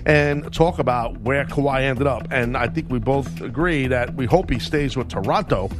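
A man's voice: medium pitch, moderate pace, music in the background. A man co-hosting a sports radio show, talking in an emphatic, argumentative way. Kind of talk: casual sports radio chat.

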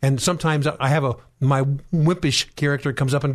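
A man hosts a religious talk program in an emphatic, animated way. He keeps affirming his guest with quick interjections. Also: mid-range voice. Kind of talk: religious political talk show.

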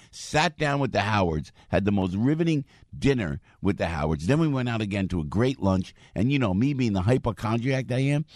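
Older male talk radio host, New Jersey accent, low and chatty, dry studio sound. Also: dry recording. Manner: chatty, rambling, excitable. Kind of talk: talk radio host reading live ads. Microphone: studio mic.

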